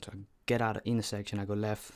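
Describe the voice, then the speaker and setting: An eighteen-year-old man recounts a story on his vlog in a loose, chatty way, swearing freely. His voice sits on the low side for a young man. The recording is dry, with no room echo. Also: level tone, quick pace, smooth. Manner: loose, profane, chatty retelling. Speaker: vlogger.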